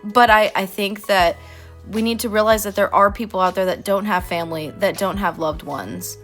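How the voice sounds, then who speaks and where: Woman vlogger rambling while she draws, bright tone, faint music behind. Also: medium pitch, fairly even intonation, normal speed. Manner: earnest, rambling, heartfelt. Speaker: artist vlogger. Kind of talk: casual voice-over while drawing.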